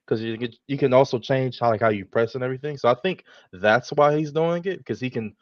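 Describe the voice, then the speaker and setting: A man's voice: medium pitch, a little fast, no echo. Rambling man caller on a dull line. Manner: rambling, hedging, relaxed. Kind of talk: casual football call-in.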